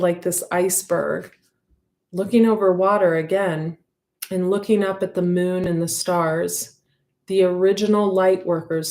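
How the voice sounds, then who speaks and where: A woman with a lowish, darkish voice gives her viewers an intuitive tarot reading in a reverberant space. Her talk is heartfelt and rambling, loaded with fillers.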